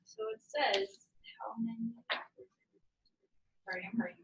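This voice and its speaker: A woman's voice: on the high side, sing-song, unhurried, dull audio. A woman student asking questions in class, hesitant and searching for words.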